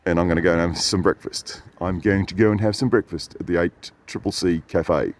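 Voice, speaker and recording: Deep-voiced Australian man telling stories. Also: fairly even intonation, a little fast. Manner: rambling, chatty, self-correcting. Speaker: vlogger. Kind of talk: casual storytelling monologue.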